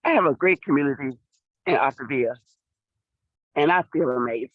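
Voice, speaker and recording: A woman's voice: very deep voice, moderate pace, no echo, narrow, tinny audio. A middle-aged woman on a video call giving an exuberant testimonial, repeating phrases for emphasis like a preacher. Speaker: client sharing her story.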